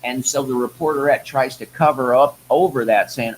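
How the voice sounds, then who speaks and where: A man's voice: medium pitch, steady tone, a little fast, hardly any pauses, slight background noise, rough recording. Folksy man hosting a live-stream rant. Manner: rambling, breaks into heated rants, then apologizes; folksy, addresses viewers as folks. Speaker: host of a live online show. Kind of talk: live-stream political commentary.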